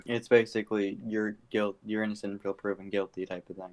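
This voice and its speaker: A man's voice: lowish voice, little pitch movement, a little fast, a little mellow, low-quality recording. A young man from Canada, co-hosting a podcast in casual, blunt, opinionated chat.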